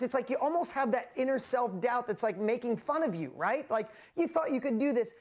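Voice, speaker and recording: A man hosting a live motivational talk, telling his story with animated energy and lots of exclamations, and often asking the audience questions directly. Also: very high-pitched, brisk, few pauses. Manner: speaks straight to the audience with rhetorical questions. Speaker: host and motivational speaker.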